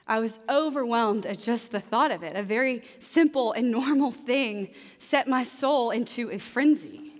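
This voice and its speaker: A woman's voice: on the high side, moderate pace, few pauses. A young adult woman preaching a sermon in a conversational, humorous way, acting out everyday scenarios. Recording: long hall reverb.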